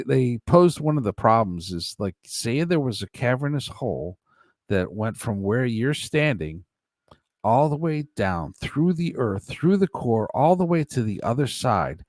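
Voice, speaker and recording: An American man with a medium-pitched, slightly mellow voice hosts a casual live stream, reading the chat aloud. He jokes, laughs often, and puts on silly voices for chat. The sound is clean studio audio without echo.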